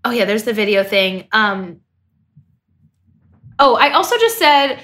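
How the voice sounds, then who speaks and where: A woman's voice: a little high, big pitch swings, a little slow, fairly bright tone. A young woman co-hosting a casual TV recap podcast, enthusiastic, laughing often and swearing freely. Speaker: podcast co-host. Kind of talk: casual chat recapping a TV episode.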